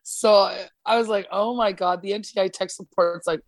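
A woman's voice: medium pitch, moderate pace, no room sound. Woman swapping work stories on a podcast, cursing a lot, dry close sound. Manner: swearing, animated storyteller acting out quotes. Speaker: guest telling a work story. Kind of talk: casual chat. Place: podcast studio.

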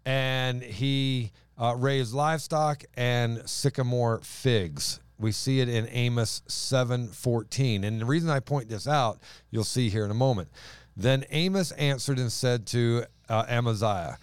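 A man hosting a casual Bible discussion, animated and emphatic, acting out scripture lines. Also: mid-range voice, a little slow, clean tone, no echo. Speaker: podcast host.

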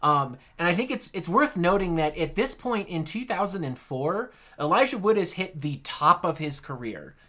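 A man co-hosting a podcast in casual chat, animated and joking, swearing freely. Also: high-pitched, moderate pace, few pauses. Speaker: podcast co-host.

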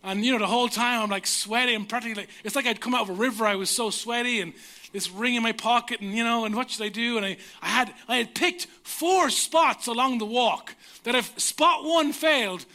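A man's voice: extremely high pitch, a little fast, bright, forceful tone. An Irish man in his thirties preaching a sermon, telling humorous, self-mocking personal stories. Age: 30s. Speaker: pastor.

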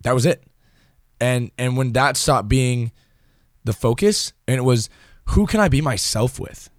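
A man's voice: medium pitch, a little slow, dry recording. Chatty young man, dry close sound. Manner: chatty, animated storyteller with frequent restarts. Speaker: podcast co-host. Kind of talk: casual chat.

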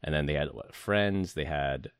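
A man with a very low, deep voice co-hosts a casual podcast. He reads prepared stories in a relaxed, jokey way. The sound is close and dry, with no room echo. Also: normal speed, smooth. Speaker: podcast co-host. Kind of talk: casual podcast chat with read news segments.

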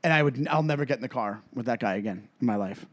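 A man's voice: medium pitch, fast talker, a bit bright. A man co-hosting a podcast in casual chat, telling rambling stories full of fillers like "uh" and "like.". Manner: rambling, filler-heavy storytelling. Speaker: podcast co-host.

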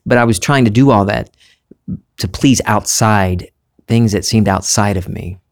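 A man with a mild Southern US accent, talking through a reflective spiritual monologue in a musing, unhurried way, restarting phrases and laughing easily. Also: on the low side. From Southern United States. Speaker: spiritual vlogger, former reporter.

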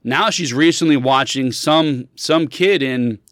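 A man's voice: medium pitch, a little slow, no room sound, clean studio sound. A man in his thirties chatting casually as a podcast co-host, telling stories animatedly and acting out quotes in shifting voices. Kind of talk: casual chat.

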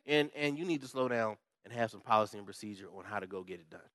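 A pastor preaching a lively sermon, jumping from loud pumped-up exhortation to quiet asides and acted-out voices. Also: male voice, on the low side, quick pace, no room sound, clean studio sound. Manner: animated, swings from loud pumped-up shouting to quiet asides, acts out quoted voices.

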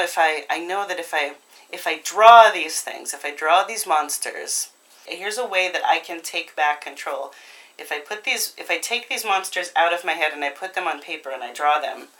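A woman's voice: on the low side, bright, forceful tone, rough recording. A woman telling a childhood story in a casual, self-deprecating way, laughing often and restarting her sentences.

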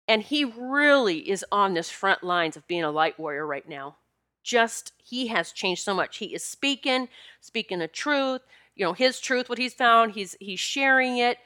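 A vlogger with a mid-range voice and a bright, forceful tone talks to her viewers in a casual monologue to camera. She's emphatic, often circling back to repeat a point for stress.

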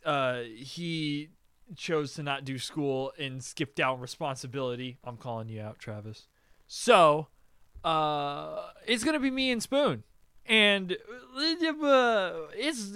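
A man hosting a podcast in casual chat, excitable and profane, laughing often. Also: a little high, smooth, no echo, clean studio sound. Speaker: podcast host.

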